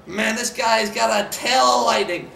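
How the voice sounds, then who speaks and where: A man hosting a comic mascot award announcement, hammy and excitable, shouting and whooping between jokey asides. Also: very high voice, a little slow, gravelly, reverberant, far from the mic, slight background noise. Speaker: mascot show host.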